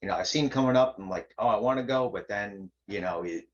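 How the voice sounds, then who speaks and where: Hesitant low-voiced man on a call. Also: fast, muffled recording. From Connecticut. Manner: hesitant, lots of ums and uhs. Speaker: panel guest. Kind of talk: casual panel chat.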